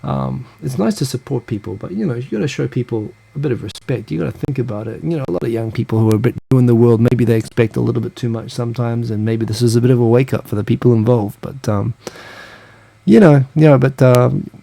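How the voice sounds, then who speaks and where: A man's voice: medium pitch, fast talker, gravelly, warm tone. A man hosting a live stream, chatting loosely as he reads out viewer comments, rambling with lots of asides.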